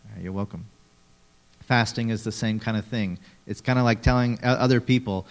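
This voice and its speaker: Animated male preacher teaching a group. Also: lowish voice, normal speed. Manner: animated, acts out quotes dramatically, talks to audience members. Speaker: pastor. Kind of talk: sermon.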